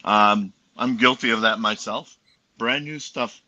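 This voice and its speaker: Brief: North American man, bright forceful tone, dull lo-fi audio, chatty. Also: fairly low pitch, measured pace. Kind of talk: casual group chat.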